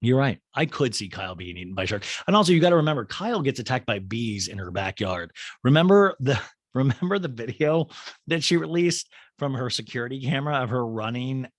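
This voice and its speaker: Brief: a gossipy, animated man recapping TV, voice leaping all over, dry studio sound. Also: mid-range voice, brisk, dry recording. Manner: animated, gossipy storytelling with constant voice impressions. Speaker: podcast host. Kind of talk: comic TV recap.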